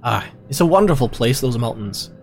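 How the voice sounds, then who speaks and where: Tabletop NPC: a man putting on a calm, wistful Scottish-brogued young woman who wanders the wilds with crows. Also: mid-range voice, moderate pace, creaky, soft background music. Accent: put-on heavy Scottish brogue. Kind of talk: tabletop role-play character voice.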